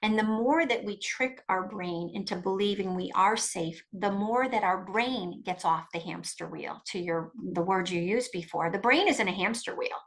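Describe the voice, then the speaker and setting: A middle-aged woman, a guest expert in an interview, giving coparenting advice in an emphatic, fast-flowing way with frequent restarts. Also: mid-range voice, a bit bright, low-quality recording.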